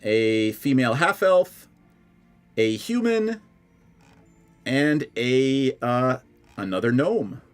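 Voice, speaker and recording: A man running a tabletop game, his voice sitting at an ordinary middle pitch. He narrates in a halting way, full of fillers and restarts. Faint music plays behind him. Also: expressive, clean tone. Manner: hesitant, filler-heavy narration. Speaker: dungeon master.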